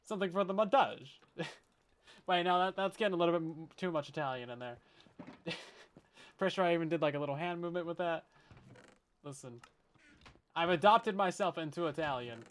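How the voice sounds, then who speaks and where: A Minecraft streamer, a man with a slightly high, clear, resonant voice, talks briskly with long pauses during a casual let's-play of the survival game. He jokes at his own expense, laughs often, and drifts into rambling, chatty asides with viewers.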